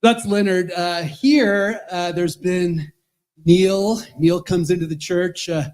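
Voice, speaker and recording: A man's voice: high-pitched, steady tone, slow, a little mellow. A man in his fifties, an Episcopal priest, telling rambling, chuckling stories in a roast speech at a charity event. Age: 50s.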